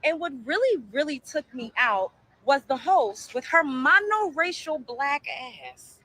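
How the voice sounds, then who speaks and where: A woman's voice: sits high, very animated, a little slow, bright, forceful tone, echoey room. A woman hosting a reaction commentary show, blunt and profane, firing off rhetorical questions.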